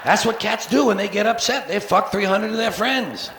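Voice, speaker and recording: A stand-up comedian in his forties works a live theater stage with a profane, sarcastic routine, acting out cat voices, captured from the soundboard. His voice sits high, a bit bright, at a moderate pace, with roomy sound and a little hiss or hum.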